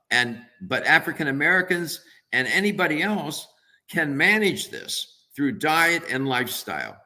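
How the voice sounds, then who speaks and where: Radio guy, nutritionist guest, bright sharp voice, thinks out loud, pretty emphatic. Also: a little high. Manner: earnest, emphatic, thinks aloud. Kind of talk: radio interview answer.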